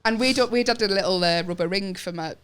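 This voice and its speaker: A woman's voice: mid-range voice, brisk, noisy background. A woman with a Northern English accent chatting and telling stories as a podcast guest. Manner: chatty, laughing storyteller. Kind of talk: casual chat.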